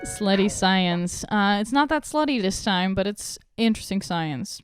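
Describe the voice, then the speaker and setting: A woman's voice: medium pitch, animated, normal speed, smooth. Young female host, bubbly and blunt, casual studio chat over music. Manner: bubbly, playful, outspoken. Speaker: podcast host. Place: small podcast studio. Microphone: studio microphone.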